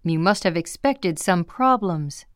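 A woman reading the lines of an exacting senior male urologist in a measured, testing tone. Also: fairly low pitch, animated, no room sound, clean studio sound. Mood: stern.

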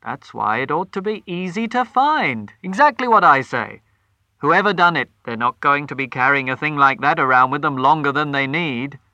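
A hearty middle-aged police sergeant talks bluntly and loudly, voiced by a male storyteller. The tone is bright and forceful, with lively pitch and a dry, close sound. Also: normal speed, dry recording, dull audio, heavily acted.

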